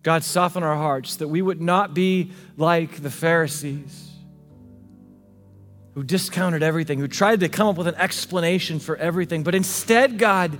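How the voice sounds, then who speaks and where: A male pastor preaching a sermon, swinging between hushed, intimate passages and emphatic, rising declarations. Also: sits high. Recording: long hall reverb with faint music.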